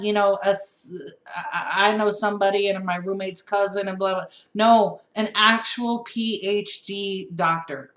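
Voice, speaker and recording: A woman co-hosting a casual political chat show, telling stories with animated laughter. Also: mid-range voice, echoey room. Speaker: podcast co-host.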